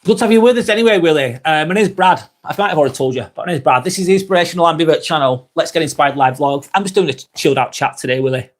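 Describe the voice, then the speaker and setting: Lancashire man hosting a relaxed live chat. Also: a little high, very fast, few pauses. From Northwest England. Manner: laid-back and chatty, swears freely, restarts sentences. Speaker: live vlog host. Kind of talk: casual live-stream chat, reading viewer comments.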